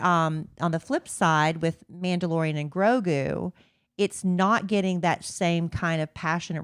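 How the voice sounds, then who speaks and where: A woman co-hosting a podcast in easygoing chat, drifting from point to point. Her voice is low and clear, with a smooth tone. The recording is dry and close. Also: dry recording. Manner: chatty, rambling asides. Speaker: podcast co-host. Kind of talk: casual chat.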